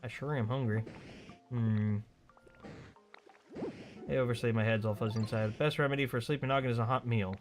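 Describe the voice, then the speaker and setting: A man's voice: medium pitch, fairly even intonation, fairly quick, long pauses, over music, close to an everyday voice. Man reading as a folksy old southern water monster. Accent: put-on American Southern.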